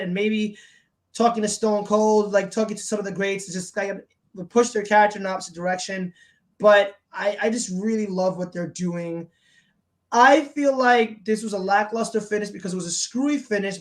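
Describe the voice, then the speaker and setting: A woman's voice: medium pitch, moderate pace. A woman co-hosting a wrestling review show, chatting casually and acting out quotes as she retells scenes. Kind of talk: casual chat.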